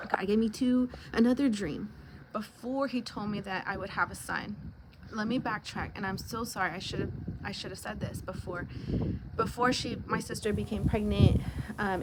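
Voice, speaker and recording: Tearful woman sharing a faith testimony. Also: medium pitch. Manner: earnest, emotional, pausing to hold back tears. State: near tears. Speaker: devotional video host. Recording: loud background noise.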